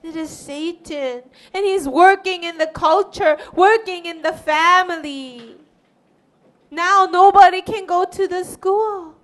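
A woman tells a Bible story to children in a high, clear voice, slow and deliberate. She stays animated throughout and keeps questioning her young listeners.

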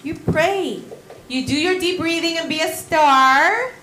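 A woman teaching children, telling a story in a lively way and asking them questions. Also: high-pitched, measured pace, echoey room, noisy background. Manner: animated, asks the children questions.

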